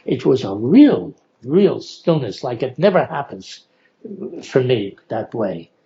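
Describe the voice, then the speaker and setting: An older man telling personal stories in an unhurried way, laughing often as he goes. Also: mid-range voice, big pitch swings, dark tone, muffled recording. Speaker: oral history storyteller. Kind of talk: relaxed personal storytelling.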